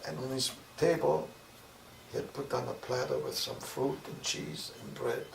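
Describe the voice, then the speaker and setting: A man's voice: mid-range voice, fairly even intonation, creaky. Older Viennese-accented man recounting memories. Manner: measured storytelling with vivid recalled dialogue. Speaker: interviewee. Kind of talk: oral history interview. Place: interview room. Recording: roomy, distant mic with noise.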